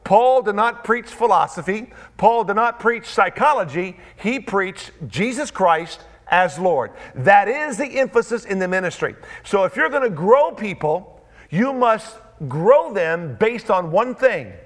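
A male pastor preaching a sermon with an emphatic, repetitive cadence and dramatic pauses. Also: high-pitched, animated.

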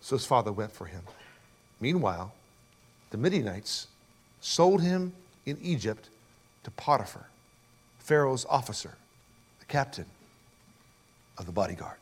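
A man's voice: mid-range voice, big pitch swings, unhurried, long pauses, slightly rough. A male pastor preaching an expository sermon, emphatic and asking rhetorical questions.

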